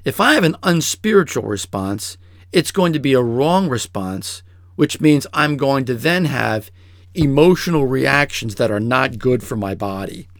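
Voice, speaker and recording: A man with a gravelly, creaky voice preaches in a relaxed, conversational way. He tells stories and jumps into quoted voices. The sound is dry and close. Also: no echo. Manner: storytelling, acts out quoted voices in a high pitch. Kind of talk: sermon-style teaching.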